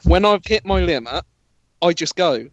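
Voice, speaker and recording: Guy, slightly high voice, rambling self-deprecating anecdotes, dry close sound. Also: lively intonation, moderate pace, no room sound. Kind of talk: casual chat.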